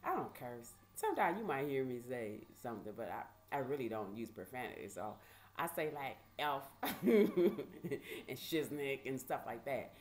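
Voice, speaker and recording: A woman vlogger casually telling a personal story, animated and conversational with lots of fillers. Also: rumbling low, a little slow.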